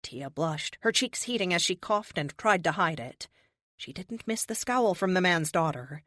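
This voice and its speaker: A woman narrates an adventure audiobook with steady, expressive storytelling. Her voice sits a little low yet moves lively in pitch, recorded close and dry. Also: normal speed, no echo. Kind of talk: scripted narration.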